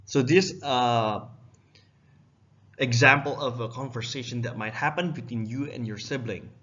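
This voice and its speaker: A young man teaches a casual language lesson, walking through words one at a time and reading each aloud. His voice is bright and forceful, at a middle pitch. The recording sounds dull and lo-fi. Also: unhurried. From Indonesia.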